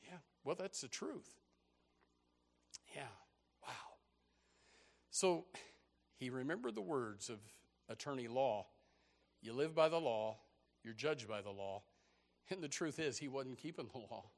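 A man preaching a sermon as a story, animated and often repeating words as he starts a sentence. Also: medium pitch, measured pace, vocal fry, pauses often.

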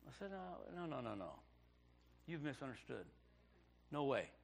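Pastor guy preaching his testimony, raspy fry in the voice, gets real quiet then yells. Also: mid-range voice, very animated, moderate pace. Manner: preaching with sudden loud outbursts and hushed storytelling. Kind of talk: sermon testimony.

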